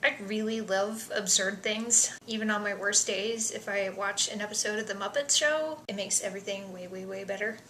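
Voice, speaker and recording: A young woman vlogger chatting casually through survey questions, self-deprecating, with soft mumbled asides. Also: mid-range voice, normal speed, hardly any pauses, echoey room, a little hiss or hum, low-quality recording.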